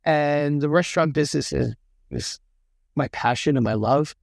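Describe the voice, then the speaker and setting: A middle-aged man tells his stories with lively energy, slipping into other people's voices and swearing without a second thought. His voice sits a little high for a man. The sound is dry and close. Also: moderate pace, creaky, no echo. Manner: animated, acts out other people's lines, swears freely. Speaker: chef and podcast guest. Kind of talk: casual storytelling interview.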